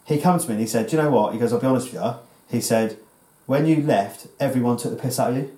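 English man, thirties, sweary rambling podcast host, echoey room, average pitch. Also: fast, mellow. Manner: swearing, rambling storyteller with restarts. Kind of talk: casual podcast chat.

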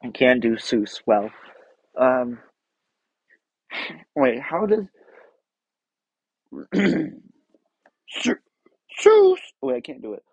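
A man's voice: mid-range voice, expressive, very slow, long pauses, husky, no echo, rough recording. A man hosting his own podcast in a casual, rambling, self-deprecating way, often trailing off. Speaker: podcast host. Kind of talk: casual chat.

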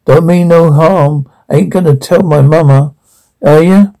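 A man's voice: a little high, fairly even intonation, a little slow, vocal fry, dark tone, poor audio. An actor playing a big, simple-minded young hillbilly man in a cartoon, speaking in a sheepish drawl. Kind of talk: cartoon voice acting.

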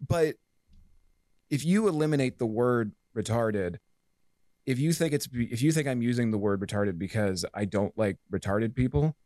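Podcast guest, male, mid-pitched, profane and emphatic, dry close sound. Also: animated, moderate pace, darkish tone, no echo. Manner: profane, emphatic, rambling with fillers. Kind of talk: casual podcast chat.

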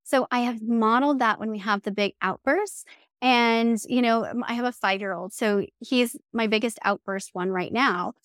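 A woman's voice: a little high, moderate pace, a bit bright, no room sound, clean studio sound. A woman in her thirties, a therapist speaking earnestly in a podcast interview, acting out quoted phrases as she explains. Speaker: guest, somatic therapist and mindset coach.

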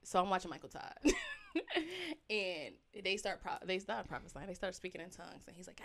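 A woman co-hosting a casual podcast conversation about faith shares personal stories, her pitch and loudness swinging lively as she acts out how she once reacted. She speaks at normal speed over slight background noise.

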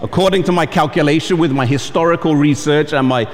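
A man's voice: fairly high pitch, fast talker. A man with an English accent, a pastor, preaching a sermon and telling stories with acted-out voices. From England. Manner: storytelling, acting out quoted voices. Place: camp meeting hall. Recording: long reverb in a large hall.

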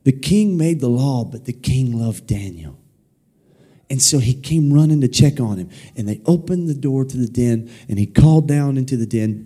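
A man preaching in a church sanctuary, animated and playful, often calling on the congregation to repeat his words. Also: mid-range voice, moderate pace, breathy edge. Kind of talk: energetic sermon with call-and-response.

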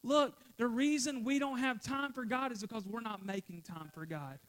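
A man's voice: very high-pitched, steady tone, moderate pace, a bit bright. A male pastor preaching a sermon to his church, repeating phrases for emphasis and getting out of breath.

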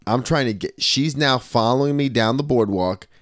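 Swearing freely and acting out quotes, this thirty-something podcast host tells an animated, casual story. His mid-range voice keeps a moderate pace, and the studio audio is clean with no echo.

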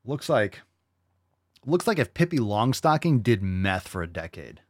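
Male host, brash mocking reactor; animated delivery, dry studio sound. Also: lowish voice, unhurried, no room sound. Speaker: podcast host. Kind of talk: reaction commentary.

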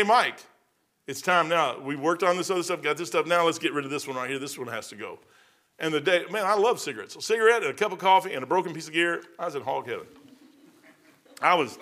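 A man's voice: high-pitched, pushed and bright. A man preaching informally, rambling through personal stories in a folksy way, often repeating words and acting out conversations.

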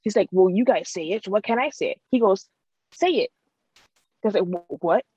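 A woman's voice: medium pitch, fast talker, warm tone, breathy edge, dry recording. A woman in casual chat, talking bluntly and swearing freely. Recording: dry, dull lo-fi sound.

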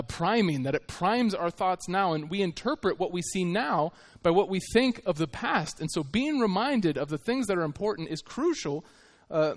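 A fairly high-voiced man preaching a sermon as a visiting missionary. He speaks earnestly and conversationally, often pausing and restarting mid-thought.

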